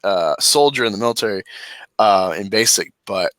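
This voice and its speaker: A man hosting a relaxed live-stream chat, his voice bright and forceful. He jokes around and rambles, leaning on "um" and "you know". The sound is dry, with no room around it. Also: on the low side, moderate pace, no room sound, poor audio. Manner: loose, joking, rambling with fillers. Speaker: host.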